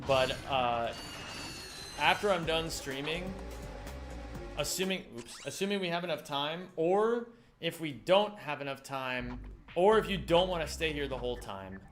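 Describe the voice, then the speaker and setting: A man's voice: fairly high pitch, animated, unhurried, fairly bright tone. A young man streaming a speedrun, chatting casually and joking with a rambling, giggly manner. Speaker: game streamer. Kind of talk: casual chat while speedrunning a game. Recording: game music behind.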